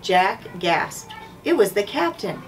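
A woman school principal reading a children's chapter book aloud in a clear, measured way. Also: mid-range voice, very animated, faint music behind. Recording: distant mic, faint background noise.

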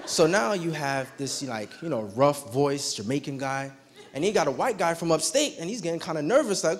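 A young man preaching a youth day sermon, telling a story in an animated, conversational way and acting out the dialogue. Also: a little high, a little fast, a little hiss or hum. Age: young adult. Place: church sanctuary. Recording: long reverb of a church hall.

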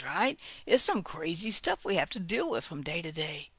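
A woman giving a heartfelt, conversational devotional talk, often dropping to a hushed whisper for emphasis. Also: lowish voice, sing-song, moderate pace, hardly any pauses, husky, no room sound. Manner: conversational, with asides and small laughs. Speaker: devotional speaker.

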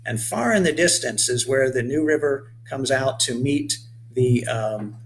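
A man's voice: medium pitch, unhurried, slight background noise, poor audio. Man reading a storybook aloud. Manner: gentle asides speaking to children. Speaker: author reading his book. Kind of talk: children's read-aloud.

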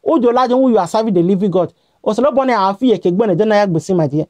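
A woman's voice: medium pitch, animated, rapid-fire, a little mellow, no room sound. A woman with a Nigerian accent giving a scolding, repetitive rant straight to her vlog audience, switching between Pidgin and a local language. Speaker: vlogger. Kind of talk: scolding direct-to-camera rant.

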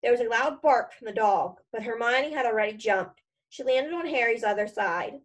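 A woman's voice: fairly high pitch, animated, moderate pace, rough recording. A woman reading a children's novel aloud in a casual storytelling manner. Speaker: reader.

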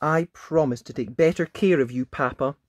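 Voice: medium pitch, normal speed, dry recording, studio quality, natural voice. A storyteller voicing a young wooden puppet boy who cries out eagerly in a storybook reading. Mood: earnest. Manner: crying out excitedly.

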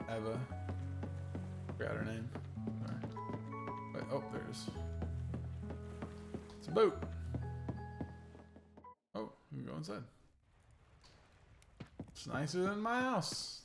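Male streamer, Pacific Northwest American accent, gravelly mid-pitched voice, mutters his thoughts aloud with dry self-mocking asides over game music. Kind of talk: casual gameplay commentary.

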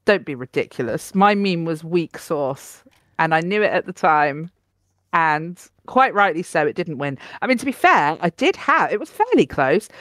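A woman's voice: sits low, big pitch swings, normal speed, a bit bright, no echo, clean studio sound. A woman co-hosting a podcast in a casual, playful chat, keen to tell jokes. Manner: chatty and playful, tells jokes. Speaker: podcast co-host.

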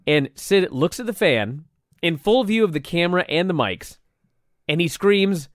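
A man co-hosting a podcast in casual chat, animated and swearing freely, shouting when he quotes someone. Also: high voice, moderate pace, dry recording, clean studio sound. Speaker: podcast co-host.

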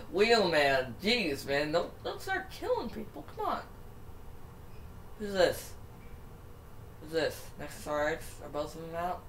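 Excitable young male racing gamer. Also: fairly high pitch, unhurried, long pauses. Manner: excitable, exclaiming at crashes. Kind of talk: racing game commentary. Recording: echoey room, faint noise.

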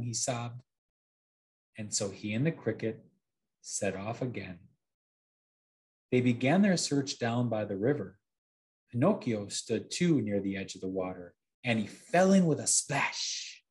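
A man gently reading a bedtime story aloud to children as a storyteller. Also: on the low side, expressive, measured pace.

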